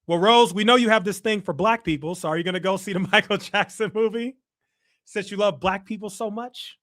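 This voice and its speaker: This young Chicagoan runs a casual stream, poking fun at his chat as he reads their comments. He speaks fairly quickly in a high voice with a fairly bright tone.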